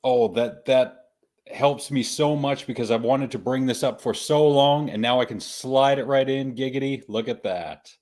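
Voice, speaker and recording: A man's voice: mid-range voice, fairly even intonation, normal speed, darkish tone. A male podcast host in casual chat. He jokes, laughs often and repeats himself as he steers the show.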